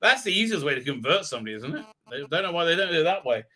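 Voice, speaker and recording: A man hosting a live stream, talking loosely and irreverently through a recap. His voice is sharp and bright and sits a bit high. He fills every pause with ums and uhs. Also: very animated. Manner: rambling, filler-heavy, irreverent. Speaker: show host.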